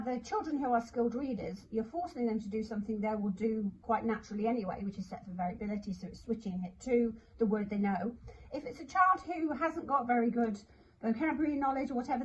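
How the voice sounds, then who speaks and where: A woman's voice: on the high side, muffled recording, slight background noise. A woman explaining a spelling routine in a chatty, self-deprecating way, sounding out word parts as she goes. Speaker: literacy teacher. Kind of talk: instructional talk to camera.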